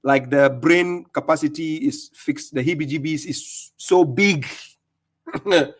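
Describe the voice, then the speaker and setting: A man's voice: a little high, a little slow. A man with a Ghanaian accent hosting a live debate stream with callers, taunting and laughing often. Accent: Ghanaian English.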